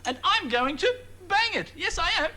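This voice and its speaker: An actor playing a smug, mock-cheerful children's TV co-presenter who slips in sly digs. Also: male voice, extremely high pitch, big pitch swings, normal speed, background noise. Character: snide man kids' TV co-presenter.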